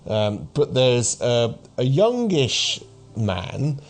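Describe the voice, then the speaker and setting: A man's voice: mid-range voice, very animated, extremely slow, faint music behind. A man in his thirties narrating a tabletop game as game master, rambling with many fillers. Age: 30s.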